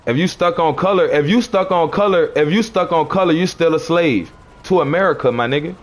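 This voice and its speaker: A man with a fairly high speaking voice, talking on a livestream. He argues with commenters in a preachy, confrontational way. He keeps repeating his phrases. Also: brisk. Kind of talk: arguing with live chat commenters.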